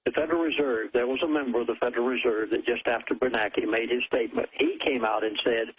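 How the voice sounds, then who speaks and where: A male radio guest who speaks slowly and deliberately, giving emphatic warnings. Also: mid-range voice, steady tone, phone-quality sound, a little hiss or hum.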